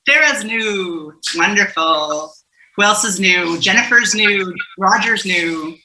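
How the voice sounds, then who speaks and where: A woman leading a playful group warm-up game on a video call, laughing often and calling on people by name. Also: medium pitch, animated, slow, echoey room, noisy background.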